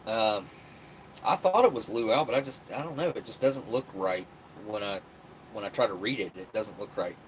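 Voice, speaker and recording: This livestream host from West Virginia speaks in a lowish voice at a moderate pace, casually rambling and reading out comments from viewers. A bit of background noise can be heard.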